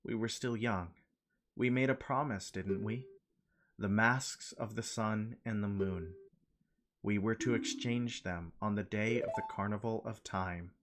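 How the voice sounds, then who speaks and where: A man voicing a solemn young man reunited with his lover, reading game dialogue aloud in a hushed, slow, wistful way. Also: fairly low pitch, noisy background, pitched below the performer's own voice, lightly acted. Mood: tender, solemn.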